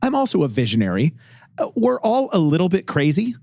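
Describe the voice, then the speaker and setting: A man hosting a podcast interview, asking questions in a playful, joking way with pitch that jumps around. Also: huge pitch swings, brisk, vocal fry, a little mellow, no room sound, studio quality. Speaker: podcast host.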